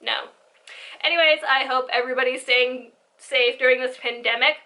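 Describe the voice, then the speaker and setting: A woman's voice: high voice, fairly even intonation, moderate pace, bright, forceful tone, poor audio. A young woman telling a rambling, giggly storytime vlog with side tangents. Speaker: vlogger.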